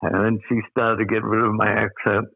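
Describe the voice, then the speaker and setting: A man's voice: fairly low pitch, monotone, a little fast, creaky, husky, no room sound. A man in his eighties from Australia, a guest telling rambling anecdotes and chuckling through his own stories. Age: 80s. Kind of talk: anecdotal storytelling. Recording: tinny phone-like line, dry.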